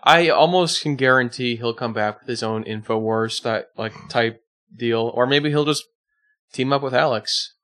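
A man's voice: mid-range voice, normal speed, a bit bright. Laid-back man in casual podcast chat. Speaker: podcast co-host.

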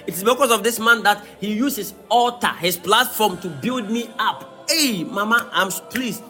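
With a high, bright, ringing voice, a pastor preaches at a normal speed, bursting into shouts and singing some phrases. Faint music sits beneath the sermon.

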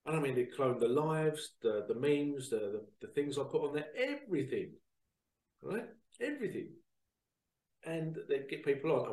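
A man hosting a show, talking casually to viewers in a chatty, animated storytelling way that repeats phrases. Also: fairly high pitch, distant mic. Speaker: psychic reader and show host. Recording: roomy sound, away from the mic.

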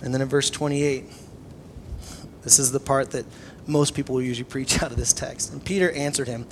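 Man, young, preacher, conversational sermon, loud bursts and hushed asides, faint background noise. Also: medium pitch, steady tone, fairly quick. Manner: conversational preaching, swings between loud emphasis and hushed tones. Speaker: pastor.

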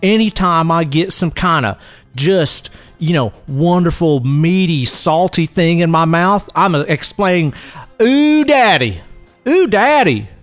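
A man's voice: fairly high pitch, a little slow, fairly bright tone, no room sound, faint music behind. A man hosting a podcast in casual, playful chat, full of jokey mock-macho bits. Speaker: podcast host.

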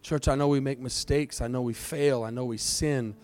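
A male pastor leading a fervent prayer and altar call in a church service, swinging between loud pleading and hushed, quiet stretches. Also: mid-range voice, fairly even intonation, moderate pace, faint music behind. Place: church sanctuary, also streamed online.

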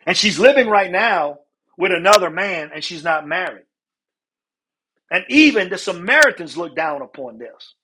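High-voiced man preaching with a husky voice. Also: expressive, moderate pace, pushed and bright. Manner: earnest, repeats words, asks "right?" often. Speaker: pastor. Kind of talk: sermon.

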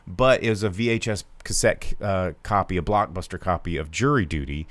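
A man's voice: low-pitched, a little fast, a bit bright, dry recording. A man co-hosting a live show, chatting casually and joking around. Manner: jokey, puts on mock voices. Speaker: podcast co-host. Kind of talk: casual chat.

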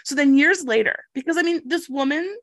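A middle-aged woman, a guest in an interview, telling a personal story in an animated, chatty way and tagging lines with "okay?". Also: high voice, fairly quick, no echo. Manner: animated, chatty, acts out quotes, frequent "like" and "okay?". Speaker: guest, inclusive education researcher. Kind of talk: casual storytelling in a conversation.

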